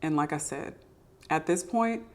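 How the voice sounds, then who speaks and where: Low-voiced woman sharing testimony. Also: unhurried. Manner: earnest, confessional, with emphatic repetition. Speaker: podcast host sharing testimony. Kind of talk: personal testimony, casual and candid.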